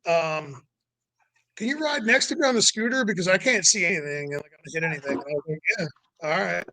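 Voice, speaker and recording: A man's voice: fairly high pitch, expressive, fast talker, bright, forceful tone, no room sound, poor audio. A young man telling a racing story in loose, rambling casual chat, full of "like" and "you know". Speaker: podcast guest.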